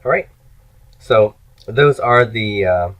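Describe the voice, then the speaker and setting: A man's voice: lowish voice, animated, takes it slowly, dull audio. A middle-aged man teaching a language class, explaining step by step and checking in with his listeners. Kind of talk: lecture.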